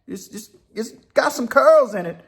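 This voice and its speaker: A man's voice: extremely high pitch, animated, normal speed, gravelly, a bit bright, slightly rough, voice pushed up, full character voice. A man voicing a teasing old male convict who drawls and keeps calling his friend "man".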